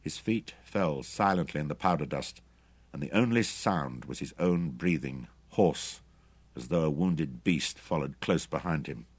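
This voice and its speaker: A man narrating an adventure audiobook in a dramatic, expressive reading. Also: very deep voice, a little slow, husky, no room sound. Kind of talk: scripted narration.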